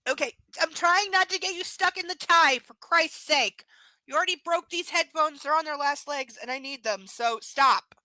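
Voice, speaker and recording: A woman's voice: high-pitched, moderate pace, bright, forceful tone, no echo, poor audio. A woman chatting casually on a live stream, rambling and playful, sometimes slipping into baby talk with her pets. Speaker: streamer reading aloud.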